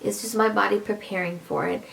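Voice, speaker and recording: Woman in her thirties, casual vlogger, gravelly fry, talks loosely and laughs a lot. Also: medium pitch, fairly even intonation, fairly quick, a little hiss or hum. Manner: chatty, rambling, laughs often, addresses viewers. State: pregnant. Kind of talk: casual pregnancy update vlog.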